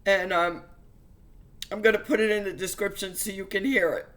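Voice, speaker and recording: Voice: mid-range voice, steady tone, normal speed, fairly bright tone. A religious vlogger giving an emotional personal testimony to viewers, speaking earnestly and fervently with stumbling restarts.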